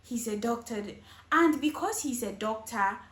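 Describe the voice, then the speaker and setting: A woman's voice: on the high side, expressive, measured pace, fairly bright tone. Earnest woman host in an echoey room. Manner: earnest and warning, keeps asking "okay?". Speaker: host reacting to clips. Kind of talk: casual reaction commentary.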